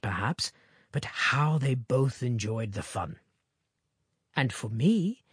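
A woman narrating a classic short story in a measured, expressive storytelling manner, as an audiobook reader. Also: rumbling low, breathy edge, no echo, studio quality.

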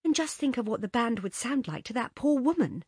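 A woman reading a story aloud, voicing an earnest young woman who pleads in a high, breathless, urgent way. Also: animated, brisk, darkish tone, breathy edge, dry recording, studio quality. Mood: indignant.

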